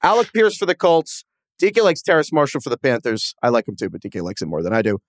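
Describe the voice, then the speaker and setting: Podcast co-host guy, super lively, rattles along quick, kinda jokey. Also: mid-range voice, no room sound, clean studio sound. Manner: animated, quick and chatty, laughs at himself. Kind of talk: casual sports podcast chat.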